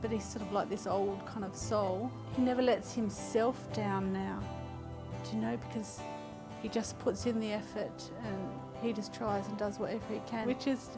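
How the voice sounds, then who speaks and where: A woman's voice: mid-range voice, fairly even intonation, normal speed, music in the background. A woman, a mother telling a personal story in an interview, speaking in a conversational, earnest way with some hesitations.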